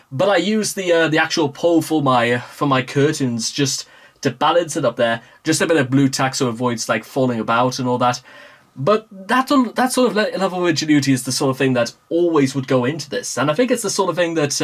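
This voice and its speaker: A young man rambles casually through a vlog, full of fillers and restarts, recorded in a small room. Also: mid-range voice. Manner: meandering, full of fillers and self-corrections. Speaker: vlogger. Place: small room with a green screen.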